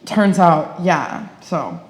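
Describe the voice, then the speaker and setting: A woman's voice: on the low side, very animated, extremely slow. Giggly, foul-mouthed woman podcast host. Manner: giggly, profane, bubbly. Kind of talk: casual chat. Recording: echoey room, faint noise.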